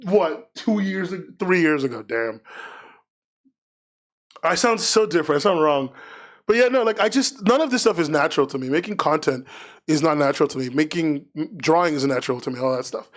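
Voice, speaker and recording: A fairly high-voiced man talking on a live stream. He rambles loosely, frank and self-mocking, and keeps the chat loose and unscripted. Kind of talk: casual livestream chat.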